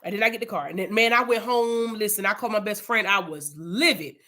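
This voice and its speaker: A woman's voice: mid-range voice, fast talker, sharp tone. A young woman leading an informal Bible study, chatty and casual, telling personal testimony.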